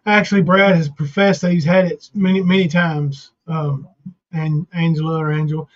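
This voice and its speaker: A man's voice: a little high, steady tone, moderate pace. A man co-hosting a stream, earnestly arguing his point about played clips. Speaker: co-host. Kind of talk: casual commentary on played clips. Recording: dull lo-fi audio.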